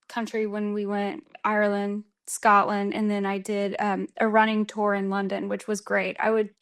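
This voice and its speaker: A Texan woman with an American accent speaks at a moderate pace in a smooth, medium-pitched voice. She's a runner appearing as a guest on a casual podcast interview, chatty and animated as she tells stories and laughs often.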